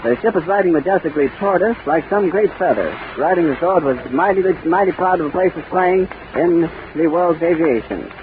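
High-voiced man in tinny 1930s radio. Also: brisk, few pauses, background noise. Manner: vivid, running description with fillers and restarts. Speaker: radio reporter. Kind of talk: live on-scene radio commentary. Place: outdoors at an airfield.

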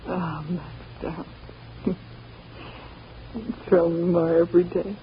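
An actress playing a devoted sweetheart who speaks softly and adoringly, in 1930s radio drama acting. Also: female voice, fairly low pitch, steady tone, slow pace, a little hiss or hum. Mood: tender. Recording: dull lo-fi old radio recording.

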